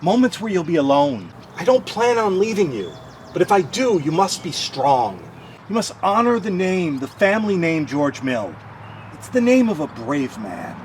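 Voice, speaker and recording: A man's voice: on the high side, big pitch swings, normal speed, slight background noise. An actor playing a stern father who gives his son grave, commanding orders in a film drama. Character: stern, protective father facing danger.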